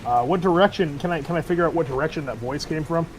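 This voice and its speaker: A man talking as a player in a tabletop game, jokey and quick. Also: fairly high pitch, slight background noise. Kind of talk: tabletop role-play talk.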